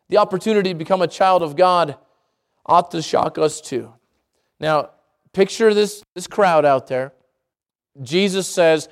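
A male pastor preaching a sermon, animated and talking straight to his congregation. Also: moderate pace. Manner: animated, swings pitch widely, addresses congregation directly.

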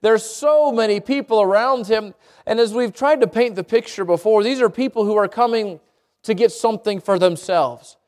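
A middle-aged pastor retelling a children's story in a casual, chatty sermon with asides to the congregation. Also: male voice, high voice, normal speed, darkish tone.

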